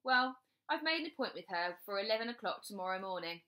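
Calm mom asking questions, storybook, read by a woman, bright tone. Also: mid-range voice, quick pace. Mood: questioning.

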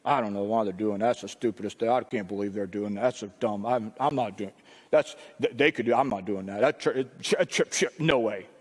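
A man's voice: fairly low pitch, a little fast, breathy edge, pitched below the performer's own voice. A man voicing a grumbling churchgoer who mutters sour complaints under his breath, in a church with long reverb. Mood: muttering.

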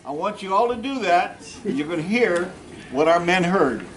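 A high, slightly bright male voice moves at normal speed with lively intonation, over some hiss or hum on a low-quality recording. At an outdoor history event in a park, this reenactor speaks as a plainspoken Union general, telling war stories in first person with folksy jokes that pull the audience in.

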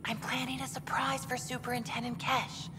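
An actress voicing a playful woman station worker in a whispered role-play, speaking in a secretive hush. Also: sits high, little pitch movement, moderate pace, lightly acted. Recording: game audio with reverb and clear hum.

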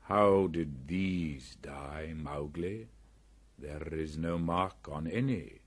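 A man voicing Bagheera, a calm and worldly male panther, who speaks slowly and gravely. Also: very deep voice, full character voice. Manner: slow, measured and grave.

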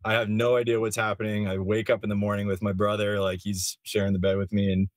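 A man's voice: lowish voice, little pitch movement, fast talker, dry recording. A man from a film crew telling a loose, rambling story in casual chat, with lots of filler words.

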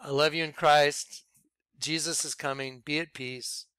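A man leading a ministry, preaching informally in an animated way, laughing and swinging between loud outbursts and quiet asides. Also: a little high, measured pace, heavy background noise. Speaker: ministry leader.

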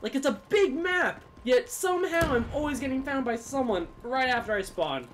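A man giving live gameplay commentary as a gaming YouTuber, swinging from low muttering to sudden yelling. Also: expressive, normal speed, noisy background.

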